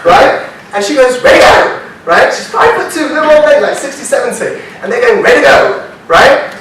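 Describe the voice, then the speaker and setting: A man telling a story to a live audience at a business workshop, animated and constantly checking in with "right?" as he asks the room questions. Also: very high-pitched, fairly quick. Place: hall with a seated audience. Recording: very echoey hall, mic far off, faint hiss.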